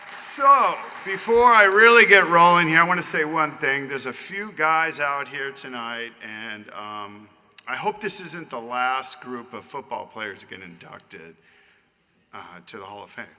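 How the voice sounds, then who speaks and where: Sharp-voiced man in his fifties, hall speech. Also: a little high, lively intonation, unhurried. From Southern California. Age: 50s. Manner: chatty storytelling, calling out to the audience. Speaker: Hall of Fame inductee. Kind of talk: acceptance speech. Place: banquet hall dinner. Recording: long reverb of a banquet hall.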